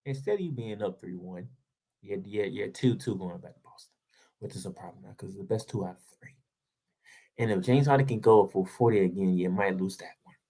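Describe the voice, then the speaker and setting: This sports show host has a low, husky, mellow voice and a brisk pace. Alone on the mic, he launches into a heated, sarcastic rant in a casual tone, firing off rhetorical questions and repeating points to drive them home.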